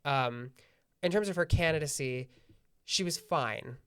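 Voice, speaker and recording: A man co-hosting a podcast, giving measured analysis of politics in casual conversation. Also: on the high side, fairly bright tone, clean tone, no echo, studio quality. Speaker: podcast co-host.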